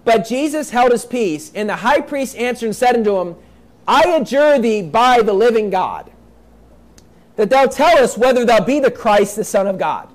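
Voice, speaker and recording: A man's voice: very high voice, lively intonation, normal speed. A man preaching a sermon, reading scripture aloud and explaining it in plain, emphatic talk, repeating his points. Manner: emphatic, repeats points, acts out quoted voices.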